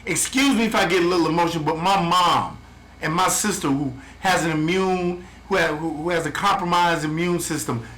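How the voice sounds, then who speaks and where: A man's voice: on the high side, fairly quick, a bit bright. A man giving a blunt, heated, profane update as a travel vlogger, ranting to the camera from his home. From United States. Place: home in the Philippines. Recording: echoey room, faint background noise.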